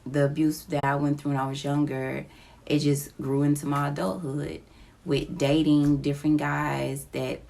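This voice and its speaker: A woman with children, speaking into her phone in a slow, halting confessional vlog, close to tears. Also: sits low, flat delivery, gravelly, darkish tone. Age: adult with children. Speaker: vlogger. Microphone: phone app recording.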